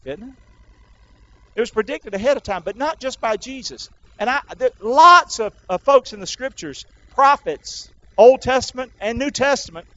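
A man's voice: very high-pitched, bright, forceful tone, dull audio. A man preaching an Easter sermon, urging the congregation to repeat after him. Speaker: pastor.

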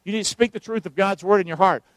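A man's voice: sits high, quick pace, no echo. A middle-aged man preaching a sermon as pastor, emphatic and calling on the congregation to answer back. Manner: emphatic preaching with call-and-response.

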